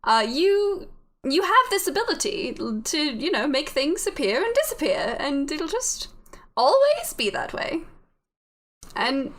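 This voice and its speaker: Woman doing a smug British gent, high and bouncy. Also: big pitch swings, measured pace, a bit bright, full character voice. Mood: reassuring. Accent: put-on British. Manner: breezy, wheedling, falsely reassuring. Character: smug scheming British gentleman, male. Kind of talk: game master voicing a character.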